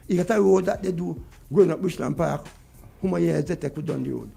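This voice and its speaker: Vexed and ranting, this Vincentian man on a radio show hammers home the same political points again and again. He talks fast in a somewhat high, gravelly voice with a dark tone, over soft background music.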